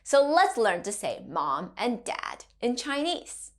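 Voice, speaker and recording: Woman teacher for a kids' language lesson, bright and bouncy, slow and clear. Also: on the high side, wildly swooping pitch. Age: adult parent. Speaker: Mandarin teacher.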